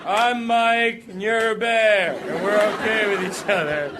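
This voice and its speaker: Animated high-voiced man telling a comic story. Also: a little slow, crowd noise, noisy background. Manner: animated, jumps into high-pitched voices for quoted people. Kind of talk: comic personal story performed for an audience.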